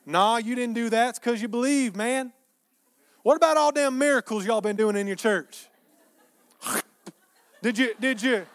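A man's voice: extremely high pitch, moderate pace, long pauses, no room sound. A man voicing an apostle as a folksy, scolding Texan with a drawling, teasing manner. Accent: Texas.

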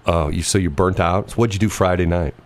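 A man's voice: deep voice, a little fast, slight background noise. A man hosting a radio show, chatting casually and telling stories, acting out the voices of people in them. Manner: animated storyteller, mimics voices. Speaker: radio host.

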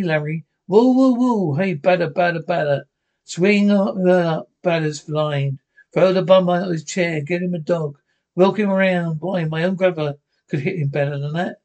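A frantic voice from a horror television drama, shouting and pleading by turns. The voice sits a touch higher than most men's. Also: male voice. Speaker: actor in a horror anthology episode.

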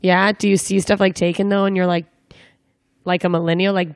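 A young woman hosts a loose interview, asking rambling questions and tossing in jokes as she goes. Her voice sits a little low for a woman, and the dry recording carries no room echo. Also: little pitch movement, brisk. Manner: chatty, rambling, joking questions with fillers. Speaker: interviewer, comedian. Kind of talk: casual interview chat.

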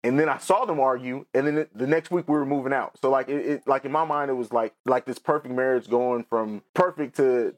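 Podcast host guy, thirties, rambling and raw, kinda teary, talking straight into the mic. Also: medium pitch. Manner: candid, rambling, emotional, with many restarts. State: tearful. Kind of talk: personal storytelling.

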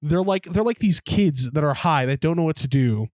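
A man's voice: on the high side, animated, normal speed, a little mellow, no room sound, clean studio sound. A young man co-hosting a podcast, telling stories in a rambling, profane way and laughing along as he talks. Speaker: podcast co-host. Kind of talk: casual chat.

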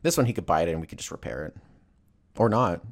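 A man's voice: deep voice, fast talker. A man ranting casually and comedically, rambling and swearing as he tells stories. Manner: rambling, profane, animated storytelling.

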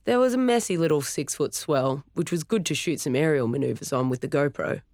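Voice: medium pitch, animated, brisk, darkish tone, no echo, studio quality, natural voice. A narrator voicing a cheerful middle-aged dad who jokes easily in a storybook reading. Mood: relaxed.

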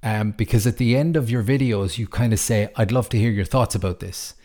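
Irish man, podcast host, casual chat, enthusiastic, fairly low voice, stumbles and restarts. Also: fairly quick, mellow. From Ireland. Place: lives in Switzerland.

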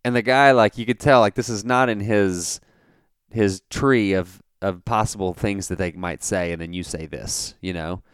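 A man hosting a podcast, telling a story casually with lots of fillers and animated asides. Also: lowish voice, moderate pace, clear, resonant tone, dry recording, clean studio sound. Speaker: podcast host.

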